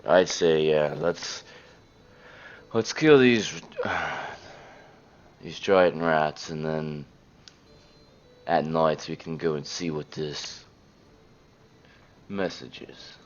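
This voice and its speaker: A man's voice: a bass voice, very slow, long pauses, dull audio. A man playing a tabletop game, blunt and sarcastic, swearing now and then. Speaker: player. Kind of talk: casual tabletop game chat.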